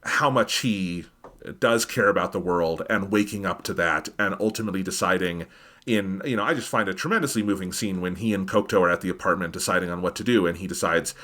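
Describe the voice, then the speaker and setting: A man's voice: deep voice, fast. A man co-hosting an anime review podcast, talking through a film's themes in a casual, analytical way that livens up when he quotes characters. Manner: thoughtful, animated when quoting characters. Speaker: podcast co-host.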